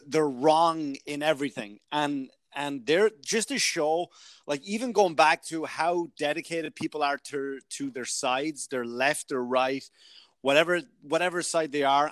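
A man's voice: fairly high pitch, fairly bright tone, dry recording. A man hosting a podcast, chatting casually in a rambling way and swearing now and then. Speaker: podcast host.

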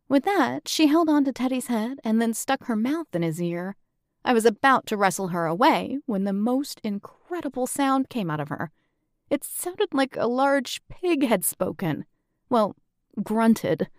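A woman narrating a first-person audiobook in a steady, matter-of-fact way. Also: fairly high pitch, a little slow, dry recording, clean studio sound.

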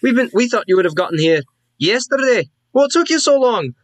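A bossy dwarven woman who leads her town's council and gives orders without softening them, with a man putting her on. She speaks in a raised, commanding tone, blunt and quick to swear. The recording is close and dry. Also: very high voice, big pitch swings, no echo, voice pushed up. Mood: impatient.

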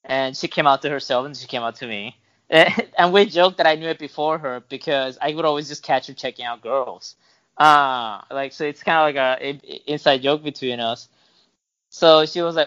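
A man with a fairly high voice, chatting as a podcast guest. He rambles with frequent restarts and filler words, and the audio sounds muffled and lo-fi. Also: a little fast, fairly bright tone, clear, resonant tone. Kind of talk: casual storytelling interview.

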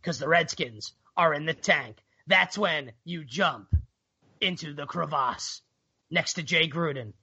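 A man's voice: fairly high pitch, unhurried, bright, forceful tone. A man on a sports betting podcast panel, talking in an emphatic, contrarian way. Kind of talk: casual sports betting chat. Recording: slightly muffled, husky podcast audio.

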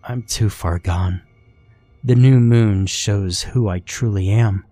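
A man voicing a young woman turned into a bleeding winged creature, speaking softly and sadly in a weak whisper. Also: fairly low pitch, slow pace, dry recording. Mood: sorrowful. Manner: soft, weak, sad whispering.

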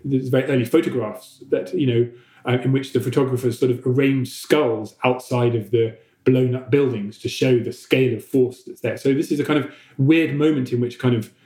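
A man's voice: medium pitch, fairly even intonation, normal speed, mellow, echoey room. A man, a historian, explaining history off the cuff on a podcast, with many fillers, repeated words and restarts. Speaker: historian answering listener questions.

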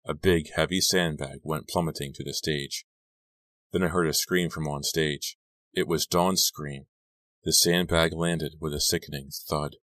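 A man reading a first-person story as an audiobook narrator, steady and measured. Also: rumbling low, no room sound.

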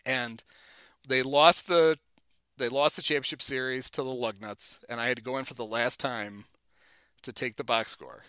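A man's voice: medium pitch, moderate pace, smooth, no room sound. A middle-aged man telling baseball-era anecdotes in casual chat, acting out the people he quotes. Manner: animated anecdotes, acts out quotes. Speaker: guest telling stories.

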